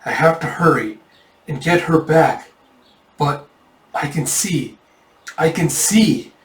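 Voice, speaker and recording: Guy reading out a brooding young dragon warrior, quiet and ominous, kinda far off in a roomy space. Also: on the high side, expressive, slow. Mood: quietly ominous. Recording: roomy, distant mic.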